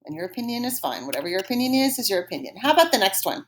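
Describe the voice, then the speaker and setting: A woman teaching a French lesson, modeling phrases slowly and clearly for students to repeat, patient and encouraging. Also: medium pitch, very animated, fairly bright tone. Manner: slow, exaggerated modeling of phrases for repetition. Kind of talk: recorded language lesson.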